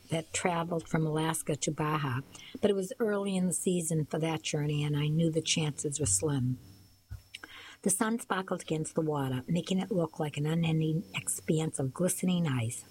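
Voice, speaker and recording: A woman calmly narrating a first-person novel in a soft voice that at times drops to a near-whisper. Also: deep voice, slight background noise, poor audio. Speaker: audiobook narrator.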